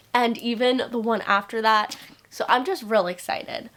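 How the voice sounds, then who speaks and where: A young woman talking casually in a reading vlog, gushing and excitable as she chats about the books she is reading. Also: on the high side. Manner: gushing, animated, quick bursts of excitement. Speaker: book vlogger.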